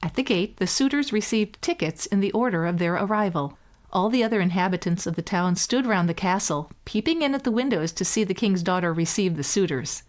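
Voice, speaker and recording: A woman reading a fairy tale aloud as a bedtime story, in a measured, gentle way. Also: mid-range voice, expressive.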